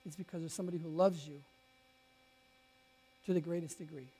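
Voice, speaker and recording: A man preaching a sermon as a pastor, telling a personal story with lively swings from loud to quiet and frequent restarts. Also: a little high, a little fast, slightly rough.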